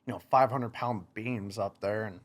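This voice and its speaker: A young man, a podcast guest, telling stories in casual chat, animated, laughing and acting out what people said. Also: fairly low pitch, moderate pace. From United States. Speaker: podcast guest, motocross racer. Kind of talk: casual storytelling.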